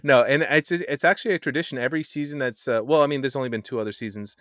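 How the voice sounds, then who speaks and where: Easygoing guy on a podcast, smooth clear voice, a bit halting, dry mic. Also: mid-range voice, fairly bright tone, dry recording. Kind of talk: casual chat.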